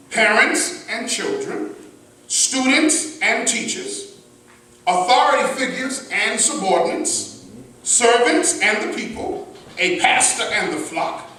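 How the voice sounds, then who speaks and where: A minister with a high-sitting male voice preaches in a large mosque hall, swinging between loud, emphatic shouts and hushed asides while a responsive crowd answers back. The mic is distant, and the hall is echoey.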